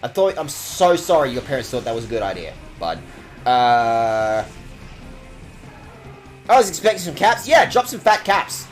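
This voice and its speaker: Animated, profane game streamer. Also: male voice, medium pitch, measured pace, long pauses, faint music behind. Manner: profane, mock-outraged ranting. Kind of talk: casual game stream commentary.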